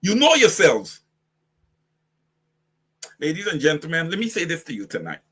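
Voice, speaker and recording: A man's voice: a little high, huge pitch swings, moderate pace, a bit bright, breathy edge. A man with a Guyanese accent hosting impassioned political commentary, preaching fiery direct address to his audience. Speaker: host.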